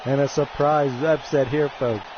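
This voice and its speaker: A man's voice: mid-range voice, fairly even intonation, a little slow, highs cut off, background noise. A man hosting a game stream, giving jokey wrestling-announcer play-by-play, calling the crowd folks and often stumbling and restarting his phrases.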